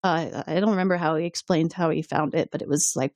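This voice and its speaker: A woman's voice: deep voice, fast talker, no room sound, studio quality. A woman co-hosting a podcast, casually recapping an episode and acting out characters' lines. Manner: animated, acts out characters' lines in quotes. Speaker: podcast co-host.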